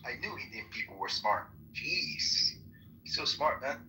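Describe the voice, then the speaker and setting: A man's voice: medium pitch, big pitch swings, a little slow, sharp tone, slight background noise. A man on a phone call, dismissive and mocking, repeating that he doesn't care. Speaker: prank call target. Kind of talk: heated phone argument.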